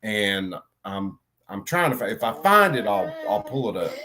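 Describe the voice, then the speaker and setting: A man's voice: fairly low pitch, big pitch swings, moderate pace, over a noisy crowd. A man giving casual, blunt commentary on a video he is watching, rambling with many fillers. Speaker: streamer reacting to a video. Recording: background noise.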